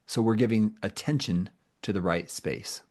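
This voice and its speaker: A middle-aged man hosting a podcast, asking his guest questions in a measured, thoughtful way. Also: on the low side, darkish tone. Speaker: podcast host and therapist. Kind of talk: podcast interview.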